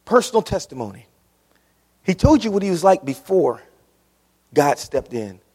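A man's voice: high voice, sing-song, normal speed, darkish tone, husky. A man preaching a sermon to his congregation, impassioned and repetitive, often calling out to the church. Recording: reverberant church hall.

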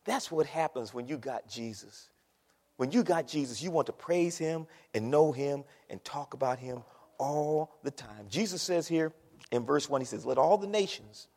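A pastor preaching a sermon, dramatic, swinging from shouts to hushed words. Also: male voice, mid-range voice, expressive, a little slow. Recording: long hall reverb.

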